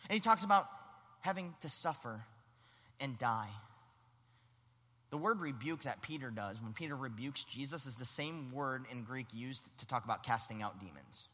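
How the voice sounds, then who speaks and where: A man preaching a sermon, animated and acting out the voices in the story. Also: mid-range voice, normal speed, long reverb tail. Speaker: pastor.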